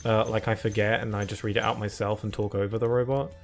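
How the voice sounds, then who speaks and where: A man live-streams a video game, rambling casually to his viewers and talking to chat between laughs. His voice is fairly low and level, he talks fast, and soft music plays behind him.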